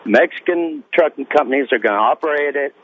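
A man's voice: a little high, a little fast, slight background noise. A man calling in to a radio show, talking plainly and hesitantly about his worries. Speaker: caller, long-haul truck driver. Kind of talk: call-in radio talk. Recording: tinny phone line.

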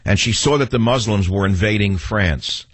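Man, New York accent, talk radio host, sarcastic rant, gruff husky voice, dead-dry studio sound. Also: fairly low pitch, normal speed, a bit bright, no echo. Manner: combative, sarcastic ranting.

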